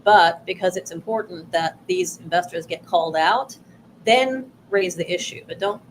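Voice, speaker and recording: Woman workshop co-host, lower voice, measured advisory delivery, light background noise. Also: low-quality recording. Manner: measured, advisory, with many "you know" fillers. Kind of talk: workshop talk on pitching investors.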